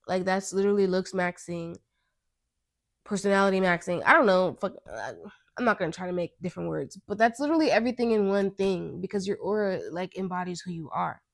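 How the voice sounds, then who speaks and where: Speaking a little fast with vocal fry and a lowish pitch, this young woman from the United States runs her own podcast. Her casual monologue is earnest and meandering, and she keeps interrupting herself; the audio is dry and studio-clean.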